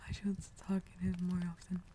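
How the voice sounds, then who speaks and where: A woman whispering softly in an ASMR livestream, greeting viewers and answering chat, often sinking into a relaxed, lower voice. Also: fairly quick, noisy background. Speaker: livestream host.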